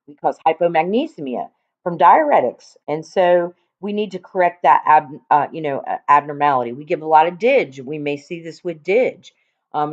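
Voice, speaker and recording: A woman teaching nurses in a casual, conversational way, checking in often with "okay?". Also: lowish voice. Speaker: nursing instructor. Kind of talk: recorded classroom lecture. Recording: dull lo-fi lecture recording.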